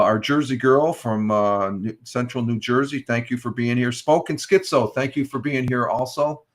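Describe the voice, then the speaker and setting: Rambling American man hosting a live stream. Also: fairly low pitch. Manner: rambling, many ums and uhs, friendly shout-outs. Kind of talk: casual morning chat, thanking chat viewers.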